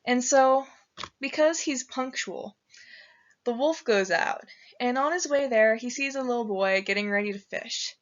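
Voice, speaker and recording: A woman's voice: a little high, unhurried. A young woman student giving a casual storytelling presentation, chatty and slangy in her retelling. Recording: dull lo-fi recording.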